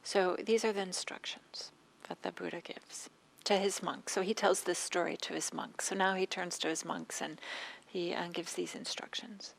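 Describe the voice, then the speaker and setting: A woman meditation teacher giving a dharma talk, speaking gently with pauses and a slightly scratchy throat. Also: on the low side, fairly even intonation, gravelly, in a whisper. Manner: gentle, soft-spoken with frequent pauses and fillers.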